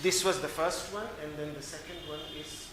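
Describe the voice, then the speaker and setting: A man giving a spiritual discourse as a Vedanta teacher, slow and measured, pausing to search for words as he explains. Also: fairly high pitch, fairly even intonation, reverberant, noisy background.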